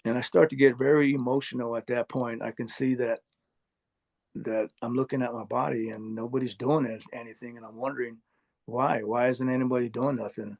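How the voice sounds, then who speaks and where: A man earnestly recounting a personal experience, halting often with fillers and restarts. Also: mid-range voice, steady tone, creaky, a little mellow. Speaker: near-death experience storyteller. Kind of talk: personal testimony interview.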